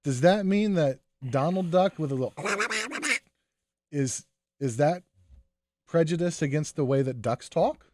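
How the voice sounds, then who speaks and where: A man's voice: a little high, unhurried, long pauses, mellow, no room sound, clean studio sound. A man co-hosting a podcast in casual banter, joking and laughing easily. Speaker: podcast co-host.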